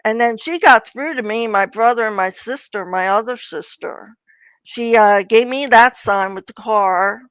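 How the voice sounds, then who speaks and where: A woman's voice: a little high, measured pace, fairly bright tone, clear, resonant tone, dry recording, rough recording. An older woman from Pennsylvania, a guest author telling personal stories in a casual interview and acting out the voices of people she quotes. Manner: chatty, acts out quoted voices.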